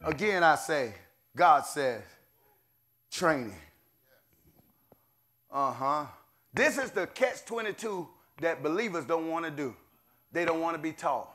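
A middle-aged man preaching a sermon, swinging between shouted declarations and low murmured asides. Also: lively intonation, unhurried, pauses often.

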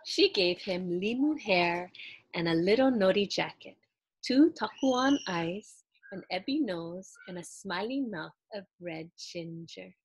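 A woman reading a children's picture book aloud in an expressive, animated storytelling way. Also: fairly low pitch, takes it slowly, a little hiss or hum.

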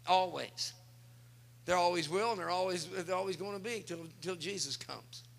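A man's voice: high voice, moderate pace, vocal fry, a bit bright. A male pastor preaching a sermon, speaking with emphasis and turning often to address the congregation.

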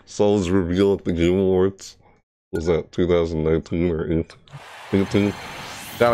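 Young guy commentating a game, low voice that swings all over, game music going behind. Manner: excitable, yelps and shrieks high when hit. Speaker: gaming YouTuber. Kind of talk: live gameplay commentary.

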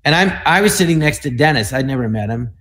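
Man in his 60s rambling through old stories on a video call, lively, keeps doing voices. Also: fairly high pitch. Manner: animated, rambling, quick to slip into voices. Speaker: guest comedian. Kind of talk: anecdotal storytelling.

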